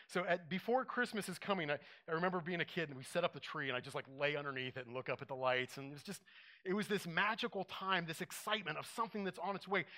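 A man preaching a sermon, conversational and animated, acting out little quotes as he teaches. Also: high voice. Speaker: pastor.

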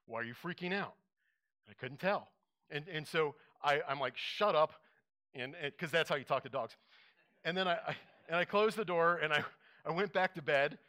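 A male pastor delivering a sermon, telling an animated story and acting out his own reactions. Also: fairly high pitch, moderate pace.

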